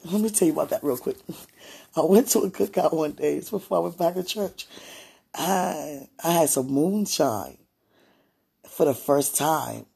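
Gravelly, very husky woman. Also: on the low side. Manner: rambling and informal, drifting between hushed and loud. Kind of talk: casual spoken prayer and chat.

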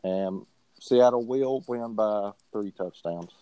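A man's voice: fairly low pitch, slow pace, dark tone, smooth, no echo, low-quality recording. A man giving bold, slangy football predictions in a casual sports chat. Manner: brash, slangy, confident predictions. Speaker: co-host picking games.

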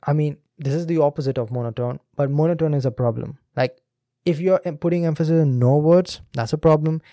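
Fairly high-pitched and mellow, this man speaks fairly quickly as he guides listeners through a video clip. He is an Indian podcast host and speaking coach with a teacherly, direct style, heard in a dry, clean studio recording.

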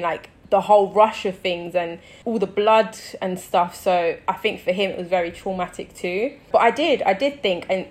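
A young woman, co-hosting a casual chat and telling a story with lively acted-out quotes and frequent laughter. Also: mid-range voice. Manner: animated storytelling, acts out quoted people, laughs often. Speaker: podcast co-host.

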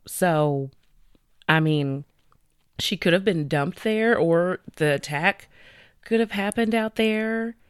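Low-voiced woman chatting through crime news. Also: slow, clean tone, dry recording, studio quality. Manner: conversational, relaying news from research notes with frequent fillers. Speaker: podcast co-host. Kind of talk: casual true-crime chat.

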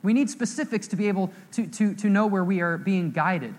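A young man preaching a sermon in church, telling stories and acting out scenes with lively emphasis. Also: high-pitched, a little fast, long reverb tail. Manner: animated storytelling, acting out quoted scenes with raised voice. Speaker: pastor.

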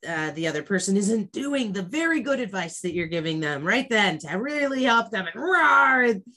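A woman who runs stress trainings, talking casually and thoughtfully with frequent pauses. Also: medium pitch, expressive, bright, forceful tone. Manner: thoughtful, hesitant with fillers. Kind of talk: casual conversation.

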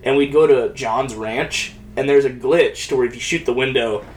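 A young man chatting casually on a podcast, telling animated stories, swearing and laughing often. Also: medium pitch, moderate pace, far from the mic, slight background noise. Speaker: podcast co-host. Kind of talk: casual chat.

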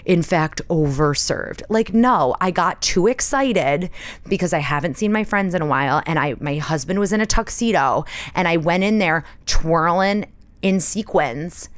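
A woman talks casually as a podcast host, chatty and self-mocking, peppering her talk with "like". Her voice sits low and comes across smooth and clear. The sound is dry and close, with no room around it. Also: measured pace, no echo. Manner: chatty and animated, self-mocking, full of "like" and laughs. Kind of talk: casual chat.

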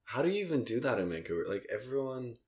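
A woman's voice: extremely low pitch, big pitch swings, fast talker, a little mellow. A young woman in casual chat, slangy and reactive, asking probing questions.

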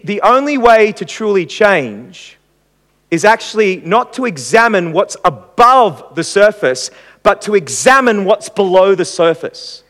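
High-voiced man teaching in a hall. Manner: animated, acts out examples with rising pitch. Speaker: church teacher. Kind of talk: sermon-style teaching. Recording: long reverb in a hall.

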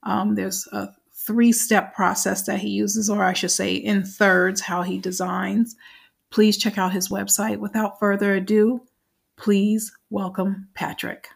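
A woman's voice: medium pitch, flat delivery, a little slow, vocal fry, slightly rough. Enthusiastic New York woman host. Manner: enthusiastic, chatty, with fillers. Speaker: podcast host. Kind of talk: podcast interview.

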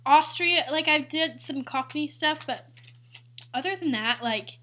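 A young woman with a high, bright voice, chatting with a friend on a podcast. She talks in a playful, giggly way and slips into silly accents. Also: a little slow, a little hiss or hum. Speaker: podcast co-host. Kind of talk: casual chat.

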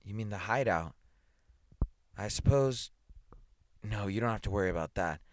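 A man reading aloud and voicing a calm, matter-of-fact male psychologist who questions and coaxes. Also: on the low side, moderate pace, slight background noise, close to an everyday voice. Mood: coaxing. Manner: steady, coaxing, matter-of-fact.

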